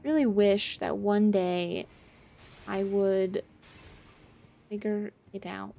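A woman streaming a game, chatting to her viewers in a flustered, self-mocking way, with loud panicked outbursts and casual swearing. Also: mid-range voice, little pitch movement, takes it slowly, creaky. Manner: swears casually, talks to chat. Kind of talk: casual gameplay commentary. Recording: faint game music behind.

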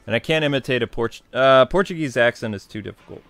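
A man's voice: medium pitch, fast, fairly bright tone, no room sound. A man with a blended New York and Midwest accent, chatting casually over a game in a dry, close recording. He rambles, jokes and pokes fun at himself. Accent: New York and Midwest American. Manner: rambling, joking, self-deprecating. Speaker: let's play host. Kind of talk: casual gameplay commentary.

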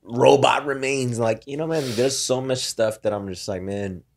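A man's voice: on the low side, moderate pace, darkish tone, a little hiss or hum. Man, podcast guest; loose, filler-heavy storytelling with casual swearing.

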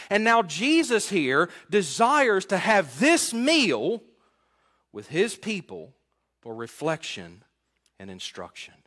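With a high, slightly bright voice, a pastor from the United States delivers an expository sermon in a conversational style. He frequently asks his congregation questions.

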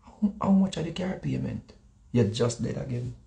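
Jamaican guy chatting, telling stories, gravelly voice, acts out everyone he quotes. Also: medium pitch, normal speed. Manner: animated, repetitive, acts out quotes. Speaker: guest speaker. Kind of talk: casual storytelling chat.

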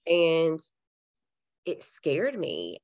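Low-voiced woman telling a candid story. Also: huge pitch swings, drawn-out words, a little mellow. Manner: candid, emotional, many fillers like "like". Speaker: podcast guest. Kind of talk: personal storytelling in conversation.

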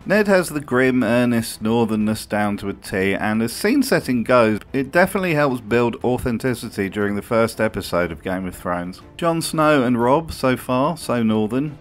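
A man's voice: medium pitch, big pitch swings, normal speed, few pauses, soft background music. A man giving comedic commentary in a video essay, full of dry, sardonic asides.

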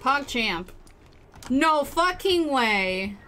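Woman game streamer, excitable, swears a lot, faint background hiss. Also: high voice, very slow. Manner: excitable, swears, laughs often. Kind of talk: live game commentary.

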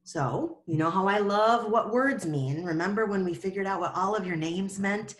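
A woman teaching a Sunday school lesson, telling a Bible story to children and gently asking them questions along the way. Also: medium pitch, moderate pace.

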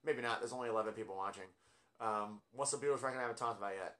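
A man's voice: medium pitch, rapid-fire, sharp tone. A man casually ranking albums from his record collection, rambling and self-deprecating with lots of fillers. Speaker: music collector vlogger.

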